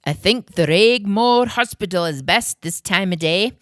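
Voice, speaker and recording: A woman reading as a kindly uncle in a children's storybook, raised and bright above her usual low tone, concerned and helpful. The voice is close and dry. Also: lively intonation, unhurried, no echo.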